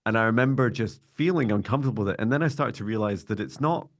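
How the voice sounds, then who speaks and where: A man hosting a podcast in a calm, monotone voice, chatting reflectively and then leading a slow guided meditation. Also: fairly low pitch, dry recording, studio quality. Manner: calm, reflective, speaks in slow measured phrases when guiding breathing. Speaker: podcast host.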